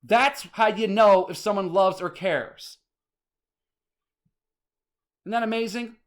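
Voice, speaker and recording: Male vlogger, high-ish voice, agitated rambling rant, salty language. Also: animated, moderate pace. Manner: agitated, rambling, swears often. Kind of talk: casual ranting monologue.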